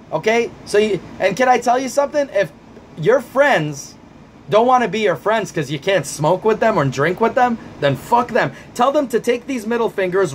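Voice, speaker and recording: A man with a fairly high voice answers viewer questions in a vlog as an anxiety coach. He is blunt and profane, talks with fired-up emphasis, and often repeats himself to drive a point home. A faint hiss sits under his voice.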